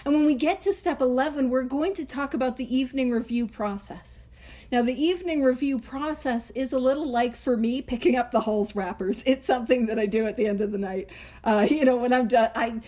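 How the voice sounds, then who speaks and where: Woman host, high bright voice, chatty and animated, laughs between points, leads a book study. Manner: animated, chatty, laughs often, self-interrupting asides. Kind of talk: casual teaching chat.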